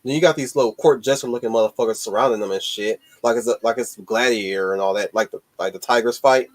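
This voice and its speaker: Excited, rambling man talking movies. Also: medium pitch, fast. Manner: excited, rambling, many restarts and swearing. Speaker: host. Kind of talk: casual movie discussion on a stream.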